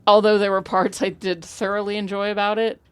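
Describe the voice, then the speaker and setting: A woman co-hosting a casual movie podcast, blunt and animated, swearing freely as she talks. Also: mid-range voice, fairly quick, clean tone, dry recording. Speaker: podcast co-host. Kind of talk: casual chat.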